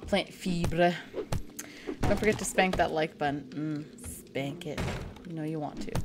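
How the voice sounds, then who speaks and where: A woman's voice: deep voice, a little slow, music in the background. A woman from Canada chatting casually and making crude jokes while playing a game on a live stream.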